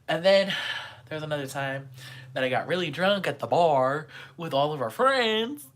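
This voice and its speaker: A young woman vlogging a casual storytime monologue, animated and dramatic, crude and joking. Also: sits low, moderate pace.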